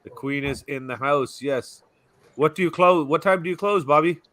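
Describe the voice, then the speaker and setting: A man's voice: fairly high pitch, moderate pace, fairly bright tone. A man in his forties hosting a casual live stream, chatting and greeting viewers by name.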